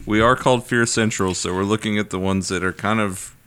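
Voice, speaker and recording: A man's voice: lowish voice, steady tone, brisk, fairly bright tone, clean tone. A man co-hosting a podcast in casual chat, making wry joking asides. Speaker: podcast co-host.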